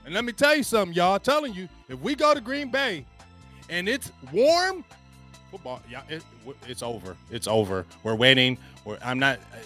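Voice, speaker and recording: Hyped, bright-voiced sports talk man. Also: sits high. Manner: hyped, repetitive, slangy, chant-like calls. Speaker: sports talk show personality. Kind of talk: excitable sports talk rant.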